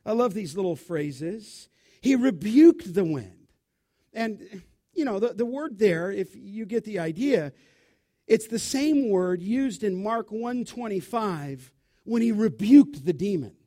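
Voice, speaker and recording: A man preaching a sermon in an animated, emphatic, conversational way, full of rhetorical questions. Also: sits high, takes it slowly.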